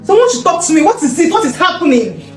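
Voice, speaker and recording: Woman doing a screaming jealous wife, super high and jumpy, roomy sound with music under it. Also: very animated, fast. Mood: despairing. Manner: shrill, screaming accusations, later wailing in despair. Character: furious jealous wife, shouting at husband. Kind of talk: comedy skit acting. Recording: roomy audio with background music.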